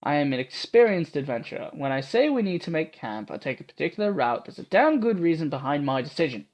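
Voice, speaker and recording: A man voicing a gruff, blunt woman warrior with a put-on Scottish accent, reading a visual novel aloud. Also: fairly high pitch, sing-song, fast talker, darkish tone. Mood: stern. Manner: brusque, commanding. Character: gruff tough woman swordswoman, blunt and bossy.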